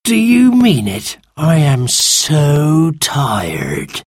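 A man voicing a grumpy, tired male sand fairy in a storybook reading, slow and complaining. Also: fairly high pitch, wildly swooping pitch, no room sound, studio quality, pitched above the performer's own voice, full character voice. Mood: grumpy, weary.

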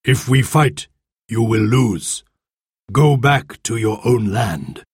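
A man's voice: medium pitch, lively intonation, takes it slowly, slightly rough, no echo, clean studio sound. A man voicing a stern, proud leader in a storybook reading.

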